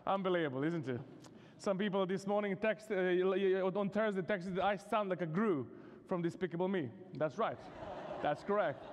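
The recording captures a university chapel hall's long reverb as a Serbian guest preacher talks at normal speed in a high voice. His Serbian-accented sermon at the vespers service is relaxed and joking, full of casual fillers.

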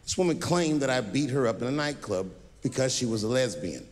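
Animated male stand-up comedian. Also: mid-range voice, fairly quick. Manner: animated storytelling, acts out voices. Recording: stand-up special in a large hall with audience.

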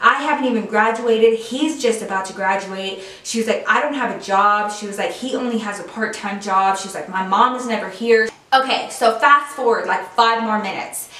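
A woman's voice: mid-range voice, moderate pace, hardly any pauses, pushed and bright. A woman chatting to her viewers as she tells a personal story, full of "like" and "you know" fillers. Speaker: YouTube storyteller. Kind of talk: casual storytime monologue. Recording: echoey room, mic at a distance.

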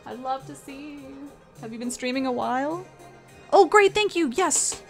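A woman's voice: high voice, expressive, unhurried, over music. A young woman from Canada chatting casually with her live-stream audience as she paints, reading messages aloud and laughing often. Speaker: art streamer.

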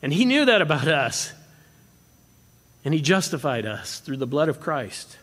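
Animated pastor in a reverberant hall. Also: male voice, fairly high pitch, a little slow. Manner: animated, swinging from emphatic to hushed. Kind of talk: expository sermon. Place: church sanctuary.

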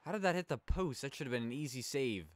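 A let's play host with a medium-pitched, animated voice talks quickly, rambling casually and chattily as he plays a hockey video game and reacts to every save.

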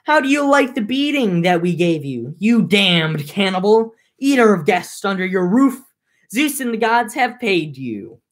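A woman's voice: medium pitch, big pitch swings, unhurried. Woman reading as a boastful sea captain. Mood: taunting. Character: boastful male sea captain, proud and defiant. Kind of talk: amateur read-aloud.

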